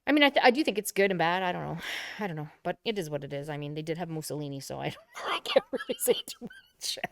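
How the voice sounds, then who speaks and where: Low, gravelly chatty woman. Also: racing, fairly bright tone, slight background noise. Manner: chatty, laughs often, trails off. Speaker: podcast co-host. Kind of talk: casual chat.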